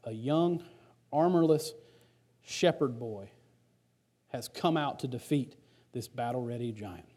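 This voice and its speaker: A man's voice: medium pitch, takes it slowly, pauses often, dark tone, slightly rough. A male pastor preaching a sermon in a conversational, storytelling way.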